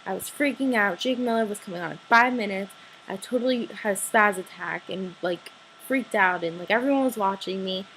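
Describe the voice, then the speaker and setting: A teenage girl, gushing breathlessly about meeting her idol, full of likes and sudden excited squeals. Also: a little fast, vocal fry, a little hiss or hum, poor audio. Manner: breathless gushing with many likes, jumps high when excited. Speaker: fan telling a story. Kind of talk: excited personal vlog storytelling.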